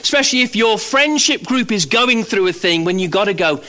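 A man preaching a sermon as pastor, animated, swinging from loud emphatic lines to low quiet ones. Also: a little fast, hardly any pauses.

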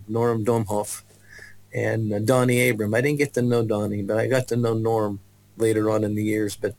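A man's voice: medium pitch, rough recording. A man giving a personal testimony as a guest, telling his story with restarts and acted-out voices. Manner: animated storyteller, acts out voices, many restarts.

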